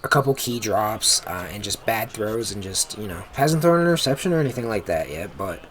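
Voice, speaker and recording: A man giving casual, excitable commentary over his own football video game, talking to the players on screen and swearing when a play goes wrong. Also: on the low side, fairly quick. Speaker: gaming commentator. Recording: music playing behind.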